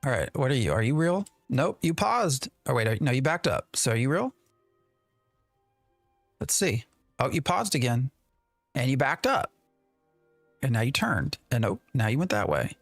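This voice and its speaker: A man talks through a live game stream in an exasperated, rambling way and often turns to answer his chat. His voice sits at an ordinary pitch, recorded dry and close. Faint music plays underneath. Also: big pitch swings, moderate pace, long pauses, no echo. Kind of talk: live gameplay commentary.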